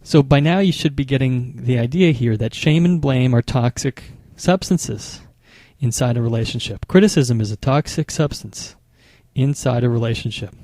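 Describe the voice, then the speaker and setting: A man speaking as a marriage therapist, explaining calmly and methodically, often restarting his phrases. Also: mid-range voice, no room sound. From United States. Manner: measured, explanatory, with frequent small restarts. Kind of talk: instructional talk to camera.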